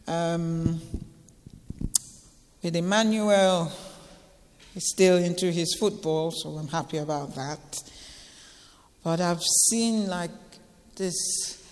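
A woman in her forties sharing an emotional personal testimony with a church gathering, halting and tearful, repeating phrases for emphasis. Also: fairly low pitch, a little mellow, in a large hall, a little hiss or hum.

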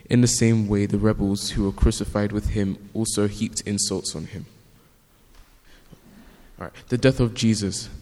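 A man reading a Bible passage aloud, steady with small slips. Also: fairly low pitch. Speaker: scripture reader. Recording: long hall reverb.

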